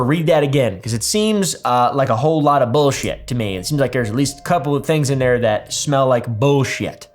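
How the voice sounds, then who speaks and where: Man narrating with wry asides. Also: medium pitch. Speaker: narrator of the reacted video. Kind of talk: scripted commentary narration.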